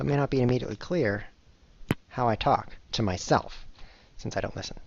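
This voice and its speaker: A man's voice: mid-range voice, brisk, creaky, long pauses. Male chess streamer, rambling casual live commentary, self-mocking, dull lo-fi recording with faint hiss.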